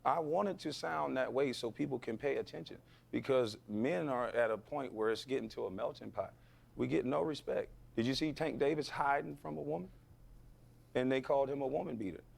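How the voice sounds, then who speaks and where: Man, gravelly voice, mid pitch, blunt, emphatic, podcast interview guest. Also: brisk. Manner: blunt, emphatic, fires rhetorical questions. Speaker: former athlete, podcast guest.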